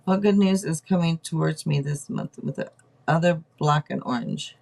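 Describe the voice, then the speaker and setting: A woman's voice: sits low, moderate pace, creaky, a little mellow. A woman hosting a casual livestream tarot reading, chatty, thinking aloud and laughing often. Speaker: tarot reader host.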